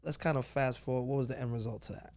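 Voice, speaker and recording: A man of middle pitch co-hosts a podcast in a relaxed, conversational way. He nudges the story along and backs up his guest with frequent affirmations. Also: quick pace. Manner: frequent affirming back-channels. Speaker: podcast co-host. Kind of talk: casual interview chat.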